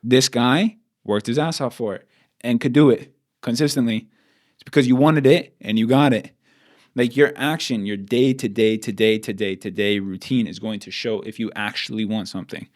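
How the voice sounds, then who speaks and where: Blunt, swearing man ranting on a podcast. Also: mid-range voice. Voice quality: blunt, profane and emphatic. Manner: fast rants with repeated "like". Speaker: podcast co-host. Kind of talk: casual podcast chat.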